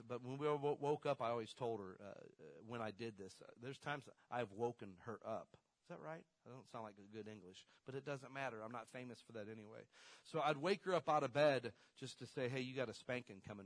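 A man preaching a conversational sermon as a pastor, swinging between loud emphatic bursts and quiet storytelling asides. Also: medium pitch, dry recording.

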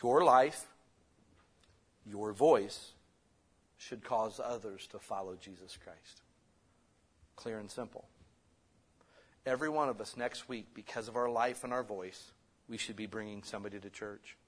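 A man preaching a sermon as pastor, conversational and lively, swinging between loud bursts and soft asides. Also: lowish voice, a little slow, long pauses, breathy edge.

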